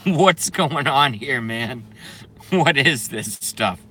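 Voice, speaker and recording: Man, live stream rant, giggly, profane, swooping lively pitch, bright tone. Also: slow pace, a little hiss or hum. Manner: giggly, breaks into laughing fits; profane, sarcastic.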